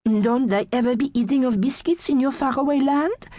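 A woman's voice: sits high, normal speed, warm tone, dry recording, voice pushed up, lightly acted. Woman doing a French nanny with quaint phrasing. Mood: teasing. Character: fussy French nanny woman, matter-of-fact. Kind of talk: audiobook character voice.

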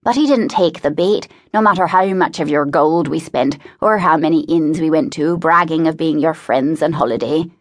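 A woman voicing a rough hired thug who speaks slowly and defensively. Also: sits low. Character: rough hired thug, defiant working man.

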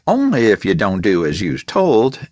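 A man's voice: lowish voice, huge pitch swings, normal speed, a little mellow, no room sound. A man narrating an audiobook voices a small, flashy male gangster who taunts his victim in street slang. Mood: taunting. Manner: street slang, mocking menace.

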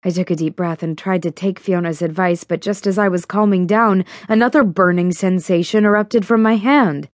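A woman reads a first-person novel aloud in a steady, even manner. Her voice sits a little low, and the close studio recording is dry with no room sound. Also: normal speed, hardly any pauses, no room sound. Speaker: audiobook narrator. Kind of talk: scripted first-person narration.

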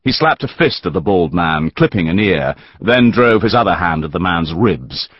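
A man narrating a historical novel audiobook in a measured, dramatic storytelling manner. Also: low-pitched, big pitch swings, husky, dry recording, dull audio.

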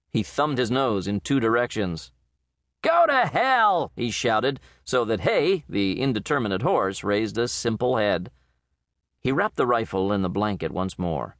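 Male narrator for a western short story, measured, lively pitch, very dry studio sound. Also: no echo. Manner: measured, expressive storytelling reading. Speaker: audiobook narrator. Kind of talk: scripted narration.

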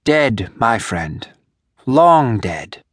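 A man voicing a weary, grave old man in an audiobook, speaking softly and sorrowfully. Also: mid-range voice, big pitch swings, very slow, no room sound, studio quality, full character voice. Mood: resigned. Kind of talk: audiobook character voice.

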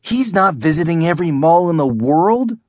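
An excited young schoolboy in a children's storybook who talks loudly and eagerly, as a man narrator puts him on. His high voice swings up and down. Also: moderate pace, no room sound, studio quality. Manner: excited, shouting.

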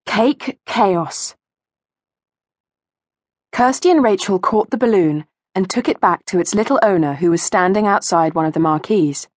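A woman narrating a children's audiobook with expressive storytelling, recorded in a studio. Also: medium pitch, a little slow, no echo. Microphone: studio mic.

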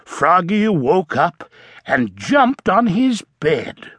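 Brief: male narrator for a kids' audiobook, slow and very lively in pitch, dry studio sound. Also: slightly rough, no echo, dull audio. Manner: playful, drawn-out, with sound effects. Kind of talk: children's storybook narration. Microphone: studio mic.

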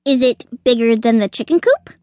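A woman voicing a calm, thoughtful little girl chick who asks patient questions in a storybook. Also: on the high side, normal speed, dry recording, close to an everyday voice. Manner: gentle, patient.

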